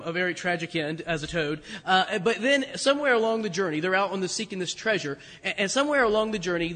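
A man preaching a sermon in a relaxed storytelling way, chuckling at himself as he goes. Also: sits high. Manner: storytelling, conversational, self-deprecating with chuckles. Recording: long hall reverb.

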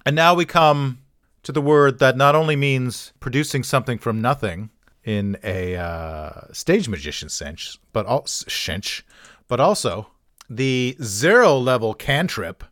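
Wry man with a lively, bouncing voice. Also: mid-range voice, a little slow, dry recording, studio quality. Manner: wry, offhand asides and self-mockery. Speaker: host of a pronunciation channel. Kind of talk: casual talk-through with jokes.

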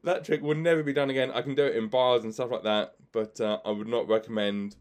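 A man's voice: on the low side, level tone, a little fast, clear, resonant tone. A man, a magician hosting a podcast, telling chatty stories with frequent laughter and many fillers. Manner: acts out other people's lines in the stories. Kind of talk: anecdotal podcast storytelling.

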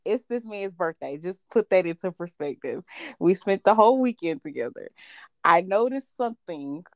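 A woman's voice: on the low side, lively intonation, normal speed, dry recording, studio quality. A woman in her thirties, co-hosting a podcast, tells a long profane story in casual chat and laughs often as she talks. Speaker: podcast co-host.

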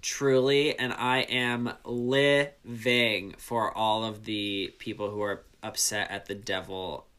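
Young male podcast co-host, bright lower voice, casual chatty delivery with offhand swearing. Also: steady tone, takes it slowly, few pauses, smooth. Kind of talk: casual chat.

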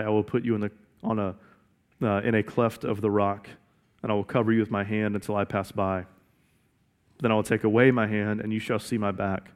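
A man preaching a sermon in an earnest way, often repeating key phrases for emphasis. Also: medium pitch. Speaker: pastor.

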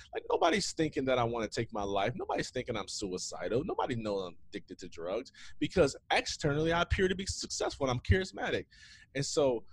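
A man's voice: medium pitch, wildly swooping pitch, fast talker, slight background noise. A man in his thirties, a former athlete, telling his story in a casual interview with many "man" and "um" fillers. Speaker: guest, former athlete and founder.

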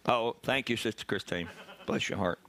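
A man preaching a sermon as pastor, animated and bursting into loud emphasis. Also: mid-range voice, moderate pace, vocal fry.

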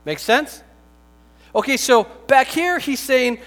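A man's voice: very high voice, lively intonation, takes it slowly, long pauses, fairly bright tone. A man preaching a sermon in a conversational, joking way, breaking into emphatic bursts. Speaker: pastor. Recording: long hall reverb, faint music.

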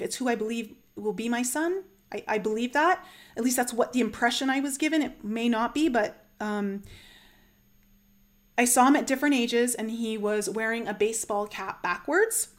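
A young woman with a bright, high voice tells a deeply personal story in an earnest, animated way. She leans on casual fillers and lets her emotion show as she talks. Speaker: channel host sharing a personal story.

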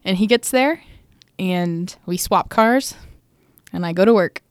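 A young woman, co-hosting a podcast, telling a story in a lively way, laughing often and acting out what people said. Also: mid-range voice, measured pace, smooth, no echo, studio quality. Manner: animated, laughs often, acts out quotes. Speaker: podcast co-host. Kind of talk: casual chat, storytelling.

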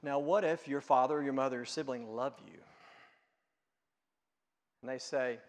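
A middle-aged male pastor preaching a sermon, emphatic and swinging between hushed and loud delivery. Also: mid-range voice, steady tone, moderate pace, pauses often, big-room sound.

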